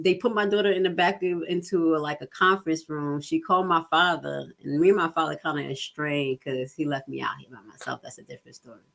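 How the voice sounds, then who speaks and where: Middle-aged woman, lowish voice, lively storyteller who swears and does everyone's voices. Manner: animated, acts out voices of others, swears freely. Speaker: vlogger telling a personal story. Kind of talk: casual storytelling livestream.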